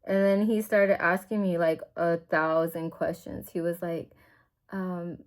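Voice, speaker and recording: A woman's voice: fairly low pitch, level tone, measured pace. A woman in her forties telling a long story in a casual, rambling way, full of "like," while she does her makeup at home. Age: 40s. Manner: rambling and chatty, full of "like" and "I'm like". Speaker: beauty vlogger.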